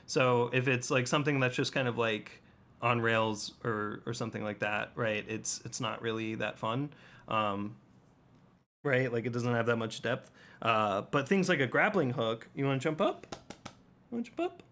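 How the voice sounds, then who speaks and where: A man's voice: medium pitch, normal speed, a bit bright. A man on a game team's livestream Q&A, chatting casually with many fillers and asides to his cat. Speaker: developer on a game team Q&A stream.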